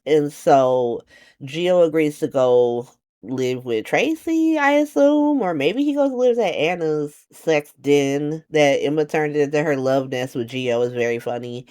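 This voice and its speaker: A woman giving a casual, slangy recap of a soap opera, sarcastic and animated, acting out the characters' lines in playful voices. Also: deep voice, unhurried.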